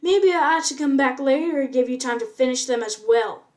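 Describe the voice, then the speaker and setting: An arrogant teenage apprentice warrior, read aloud by a woman, sneering and sarcastic at everyone around him. His lines come out higher and louder than the narration. Every jab drips with mockery. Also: moderate pace, lightly acted. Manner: sarcastic, mocking.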